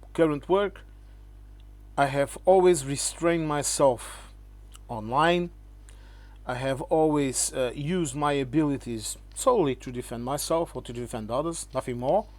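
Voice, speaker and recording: A man's voice: on the high side, a little slow, a little mellow, dry recording. A man, talking straight to the camera to rebut critics in an emphatic, lecturing way. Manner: lecturing, keeps asking "okay?"; emphatic, addresses the viewer as "my friend". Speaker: channel host.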